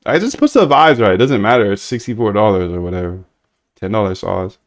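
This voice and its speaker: A young man live-streaming while coding a trading bot, chatting casually with viewers in slangy banter, sometimes flat and monotone, sometimes lively. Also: lowish voice, fairly quick. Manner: laid-back slangy banter with chat, shifts between flat monotone and lively bursts.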